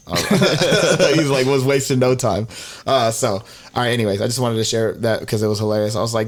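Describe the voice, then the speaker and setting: A young man tells a story on a casual podcast, slipping into other people's voices as he quotes them. He swears freely and keeps an animated storyteller's rhythm, at an ordinary middle pitch. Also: fairly quick. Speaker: podcast co-host.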